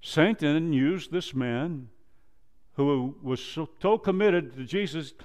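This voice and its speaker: A male pastor preaching a sermon, quoting scripture and acting out dialogue, swinging from loud emphasis down to a low hush. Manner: preaches slowly, rises loud then drops to a low hush; quotes scripture and acts out dialogue.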